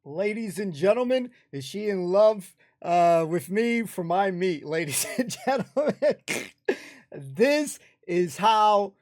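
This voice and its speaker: A man's voice: sits high, very animated, slow, dry recording, studio quality. Enthusiastic American man reacting to a show. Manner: enthusiastic, rambling, keeps saying "ladies and gentlemen". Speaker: reaction video host. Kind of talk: casual reaction commentary.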